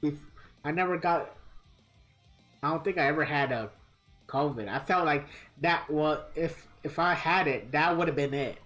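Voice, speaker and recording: A man's voice: on the high side, moderate pace, pauses often, fairly bright tone, soft background music. A man live-streaming a fighting game, chatting casually with viewers in a rambling, profane storytelling manner.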